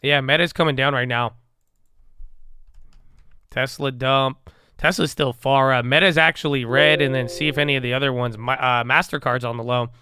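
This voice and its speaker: A man's voice: mid-range voice, steady tone, normal speed, bright, forceful tone, clear, resonant tone, dry recording. A man streaming casual live market commentary, rambling and mumbling in a slangy way. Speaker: stock-trading streamer.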